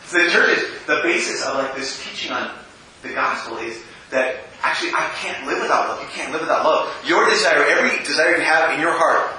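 A man's voice: on the high side, sharp tone, a little hiss or hum. Man laughing through a church talk. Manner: self-deprecating, laughs often, quick asides. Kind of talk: humorous talk with personal stories. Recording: echoey room, from a distance.

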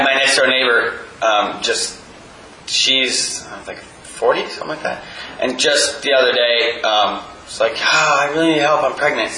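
A man's voice: a little high, pushed and bright, a little hiss or hum. A man speaking at a talk, earnest and rambling as he shares a personal story. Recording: echoey hall, voice from far off.

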